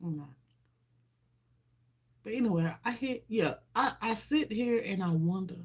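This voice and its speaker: A woman vlogger with a medium-pitched, breathy-edged voice and lively intonation speaks at a measured pace, leaving long pauses. On her casual livestream she greets viewers by name, speaking from the heart with emotion and often repeating herself.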